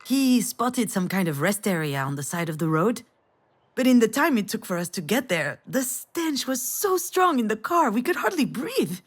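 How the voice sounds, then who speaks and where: An actress playing a gentle middle-aged mother in a visual novel, telling a memory in a soft, reminiscing way. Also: a little high, very animated, normal speed. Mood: tender. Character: tender mother recalling the past, gentle. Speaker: game character. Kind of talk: visual novel storytelling monologue.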